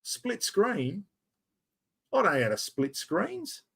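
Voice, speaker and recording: High-voiced Australian man chatting live. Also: huge pitch swings, slow pace, creaky, breathy edge. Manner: chatty, self-mocking, talks to viewers while fumbling with software. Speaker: livestream host. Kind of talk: casual live stream chat.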